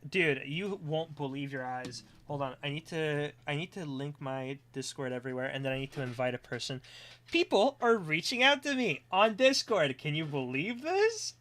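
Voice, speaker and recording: A streamer chatting casually on a live stream, excitable and rambling, drifting into quiet mumbling while setting things up. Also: mid-range voice, moderate pace.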